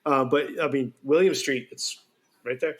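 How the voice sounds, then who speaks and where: A man's voice: medium pitch, steady tone, normal speed. A man hosting a podcast, chatting casually and laughing at his own jokes. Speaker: podcast host. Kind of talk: casual chat.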